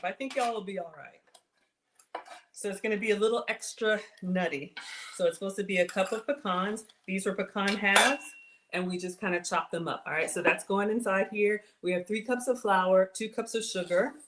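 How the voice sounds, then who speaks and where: A cooking show host with a mid-range voice and a Southern US accent streams casually from her home kitchen, chatty and self-deprecating with her viewers. There's background noise in the clip.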